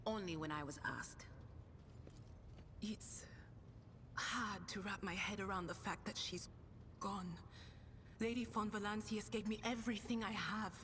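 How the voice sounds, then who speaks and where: An actress playing a proud young female ship navigator, measured and haughty, from a game. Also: a bit bright, lightly acted. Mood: wistful. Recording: reverberant game audio with faint rumble.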